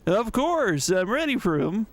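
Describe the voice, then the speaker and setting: A man's voice: sits high, big pitch swings, measured pace, pitched above the performer's own voice, heavily acted. A man doing a crunchy-voiced comic pawnbroker. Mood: eager. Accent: comic put-on accent. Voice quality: crunchy, gravelly. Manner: blustery, exclaiming. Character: small waddling male pawnbroker, fussy and comic.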